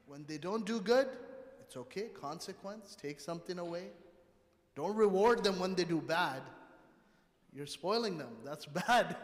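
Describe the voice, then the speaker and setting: A man's voice: fairly high pitch, moderate pace. A middle-aged man giving a Friday talk at a mosque, telling family stories and acting out the voices of father and son. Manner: animated storytelling, acts out family dialogue. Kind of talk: sermon with personal stories. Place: mosque prayer hall. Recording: echoey hall livestream.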